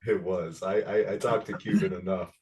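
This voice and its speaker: A man's voice: deep voice, fairly even intonation, normal speed. Laid-back man over crowd noise. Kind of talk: casual podcast chat.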